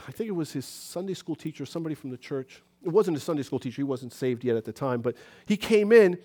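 A high-voiced man preaches a lively church sermon. He swings his voice up when he plays out little scenes of talking to people. His pitch sits well above most men's. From New York City. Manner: animated, acts out conversations with rising pitch.

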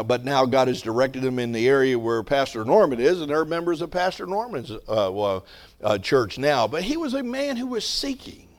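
A man's voice: medium pitch, a little mellow. A male pastor preaching a sermon, moving between conversational storytelling and rising, emphatic exhortation.

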